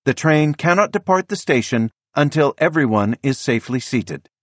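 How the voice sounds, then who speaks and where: A man's voice: mid-range voice, lively intonation, normal speed, dry recording, voice pushed up, close to an everyday voice. A man voicing an urgent computerized female train announcer, with clipped automated countdowns and instructions.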